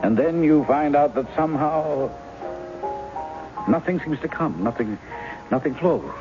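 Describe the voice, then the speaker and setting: A man's voice: a little high, animated, measured pace. An actor in his forties playing a charming, self-mocking novelist posing as someone else in an old radio drama, teasing and wry, with a dull lo-fi broadcast sound and music behind. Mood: confessional. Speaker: impostor posing as a woman's husband. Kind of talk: 1970s radio drama acting.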